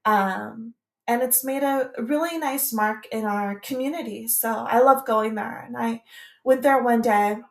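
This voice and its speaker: A woman's voice: on the high side, a little slow, vocal fry, echoey room. A woman vlogger telling a personal story in a casual, meandering way, hesitating and restarting often.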